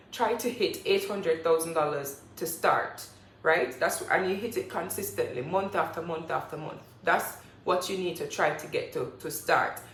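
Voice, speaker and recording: A young woman talks straight to camera, blunt and forceful, pressing her points again and again. Her voice sits fairly low. The room around her gives a noticeable echo. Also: a little hiss or hum. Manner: blunt, emphatic, lecturing. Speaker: personal finance vlogger. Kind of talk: direct-to-camera motivational talk. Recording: echoey room.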